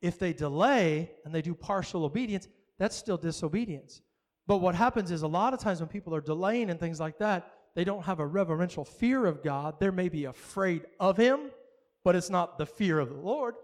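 A male pastor with a high voice preaches at a moderate pace, telling an animated story. He acts out the dialogue and laughs often along the way.

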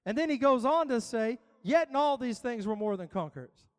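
A man's voice: extremely high pitch, lively intonation, a little fast, in a large hall. A man preaching a sermon as pastor, building emphasis through repetition. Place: church.

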